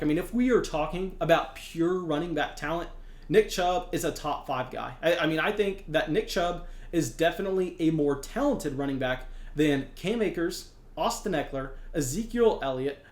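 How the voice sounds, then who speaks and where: Excited young man talking fantasy football. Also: on the high side, roomy sound. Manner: energetic and emphatic, repeats himself. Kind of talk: excited sports analysis monologue.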